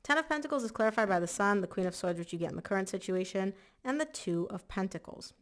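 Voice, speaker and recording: A woman giving a casual monthly tarot reading in a chatty, emphatic way, slightly hoarse and clearing her throat. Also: medium pitch, expressive, quick pace. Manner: chatty, emphatic, repeats words for stress. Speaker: tarot reader.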